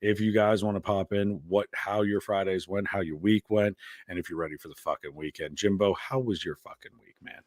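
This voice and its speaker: A man's voice: low voice, fairly even intonation, fairly quick, no room sound, studio quality. A man hosting a casual live-stream chat, telling stories full of swearing and crude jokes. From Pennsylvania. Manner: crude, profane joking banter. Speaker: podcast host.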